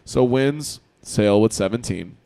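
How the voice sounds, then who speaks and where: A man hosting a podcast, chatting casually and excitedly about baseball and teasing his guest. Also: lowish voice, unhurried. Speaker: podcast host. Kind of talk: casual sports chat.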